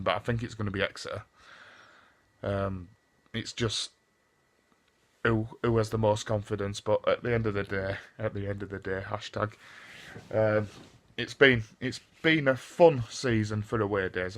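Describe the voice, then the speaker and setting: Blunt, sweary Northern English football fan. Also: male voice, fairly low pitch, steady tone, normal speed, a bit bright. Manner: blunt, sweary, rambling, repeats stock phrases. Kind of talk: casual season review vlog.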